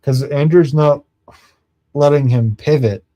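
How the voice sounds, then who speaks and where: A man with a fairly high voice and a dark tone is streaming, telling a loose, meandering story. He performs his friends' lines in quick quotes, laughing and cursing from time to time.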